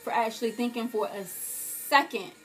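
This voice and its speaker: A young woman with a fairly high voice in a comedic vlog rant. She is profane and theatrical, flipping between loud outbursts and quiet, wounded asides. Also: moderate pace, soft background music. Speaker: vlogger.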